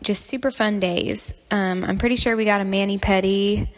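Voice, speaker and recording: Frau, 20er, erzählt locker und offen, Stimme in mittlerer Lage, Raum mit langem Hall. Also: female voice, medium pitch, steady tone, normal speed. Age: 20s. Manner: chatty, candid, laughs lightly as she talks. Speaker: vlogger. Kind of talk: personal storytelling. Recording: long reverb.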